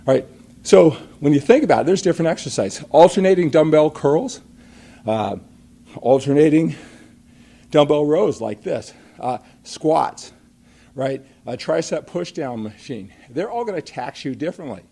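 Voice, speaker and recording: Slightly breathless after a set, this middle-aged man runs a live workout show, pushing viewers hard and posing rhetorical questions. His fairly high voice is expressive, gravelly, husky and mellow, delivered at a normal speed.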